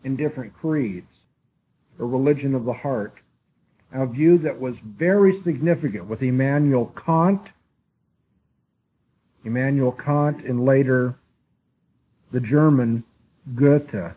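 A man's voice: mid-range voice, takes it slowly, long pauses, husky. A man giving a classroom lecture who spells out names and repeats his key phrases. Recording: tinny lo-fi recording with faint hiss.

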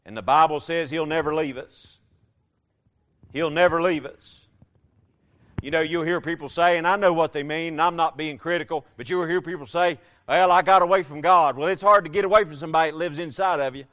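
A man preaching a sermon, repeating key phrases and building from quiet passages to loud, emphatic ones. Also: a little high, fairly even intonation, a little fast.

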